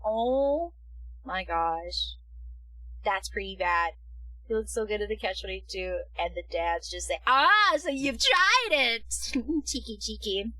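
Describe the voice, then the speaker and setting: A woman streaming a game, giggling, apologizing to her chat and cheering loudly at the screen. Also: medium pitch, unhurried, no echo, recorded from a distance, low-quality recording. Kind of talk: casual live-stream commentary. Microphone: headphones on, desk mic.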